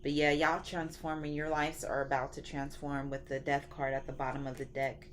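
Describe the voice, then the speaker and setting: A woman's voice: low voice, level tone, normal speed. A woman giving a casual spiritual tarot reading in a preachy, slangy and profane manner. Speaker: tarot reader.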